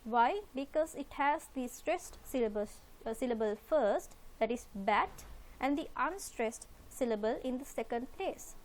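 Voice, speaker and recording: High-voiced woman teaching a literature lesson. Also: expressive, measured pace. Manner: patient and methodical, repeats points, frequent "uh" fillers. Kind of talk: recorded lesson explaining slides.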